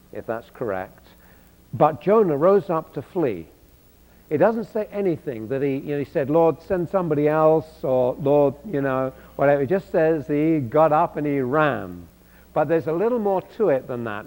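A man preaching a sermon on a Bible passage, emphatic and animated, acting out quoted speech. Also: on the high side. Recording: long hall reverb.

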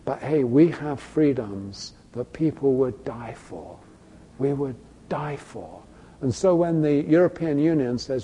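A British man preaches a sermon in a church, speaking emphatically, firing off rhetorical questions, and repeatedly saying "you see." His medium-pitched voice is slow, dark, and breathy-edged. The echoey hall adds long reverb.

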